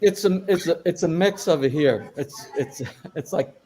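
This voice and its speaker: A man's voice: fairly high pitch, moderate pace, dark tone, slight background noise. Hesitant man in group chat. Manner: hesitant, repeats words.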